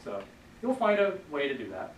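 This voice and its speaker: A man teaching a class, relaxed, leading students in repeating sounds. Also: sits high, moderate pace, a little hiss or hum. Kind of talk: classroom lesson. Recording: echoey room, voice from far off.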